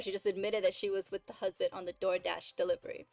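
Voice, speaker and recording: A woman's voice: mid-range voice, fast talker, few pauses, a little mellow, no echo, faint music behind, low-quality recording. A woman streamer retelling a story in a casual, chatty way, full of fillers and exasperated asides.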